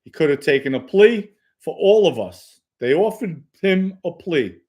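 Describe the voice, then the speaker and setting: A man's voice: on the high side, sing-song, a little slow, a little mellow. A man hosting a live stream, answering viewer questions in a blunt, matter-of-fact way. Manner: blunt, matter-of-fact, reads chat comments aloud. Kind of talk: casual live-stream chat.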